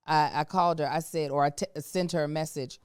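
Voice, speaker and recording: A woman with a low, smooth and resonant voice talks candidly on her podcast. She tells stories with animated, slangy energy, and her voice sounds dry and close to the mic. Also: a little fast, dry recording. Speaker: podcast co-host. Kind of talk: casual podcast chat. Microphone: studio microphone.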